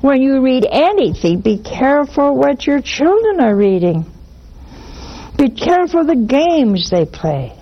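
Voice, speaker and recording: An older woman hosting a religious call-in show, talking in an animated way and acting out little dialogues. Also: high-pitched, measured pace, lo-fi sound. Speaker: host.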